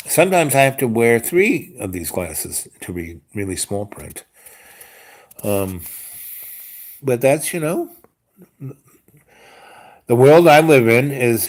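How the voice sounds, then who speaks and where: A man rambling through a casual story on a livestream, full of restarts and filler phrases. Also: lowish voice. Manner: meandering, full of "you know" and restarts. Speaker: livestream host.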